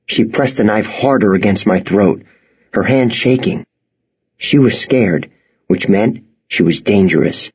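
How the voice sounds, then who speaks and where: A man reading a first-person audiobook narration in a tense, expressive storytelling manner. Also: lowish voice, measured pace, slightly rough, highs cut off.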